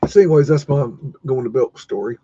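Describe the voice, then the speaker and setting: A man's voice: medium pitch, brisk, noisy background. A man hosting a live stream, telling a rambling story full of cursing and restarts, sounding exasperated. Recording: dull lo-fi dry sound.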